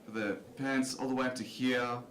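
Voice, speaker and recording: A man's voice: medium pitch, fairly even intonation, normal speed, fairly bright tone. A man doing a stand-up comedy set on a club stage, talking in a loose, self-deprecating way full of "you know" fillers. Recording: roomy club recording.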